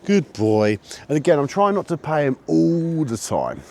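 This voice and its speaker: A man vlogging a dog walk, chatting casually and snapping out high, sharp commands to his puppy. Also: normal speed, gravelly. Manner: sharp high-pitched commands to a dog between relaxed chat. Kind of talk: casual narration while walking a dog. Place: outdoors on a woodland and road walk.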